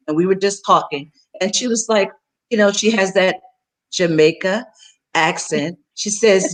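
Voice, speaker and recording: Lively woman co-host acting out a story. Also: moderate pace. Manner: lively, acts out quotes with swings in pitch. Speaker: co-host and church elder. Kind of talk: animated storytelling. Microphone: video call.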